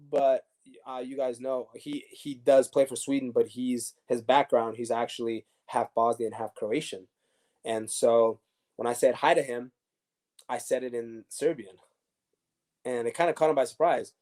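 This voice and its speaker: Mellow-voiced man telling stories, animated. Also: medium pitch. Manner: animated, many restarts and fillers. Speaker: former pro soccer defender, guest. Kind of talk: casual interview storytelling.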